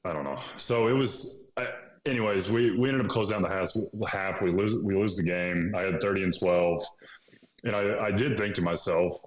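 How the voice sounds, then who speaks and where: A deep-voiced man in his thirties, from Illinois, sits as a guest and tells a story in a casual, animated way. He acts out bits of dialogue and laughs easily, and the room around him rings with echo. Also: moderate pace. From Illinois, USA. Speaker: podcast guest. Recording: echoey room.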